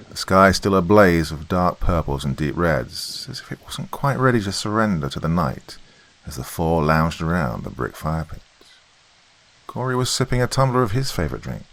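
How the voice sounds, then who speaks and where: A man narrating a horror story in a measured, deliberate way. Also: low voice, a bit bright.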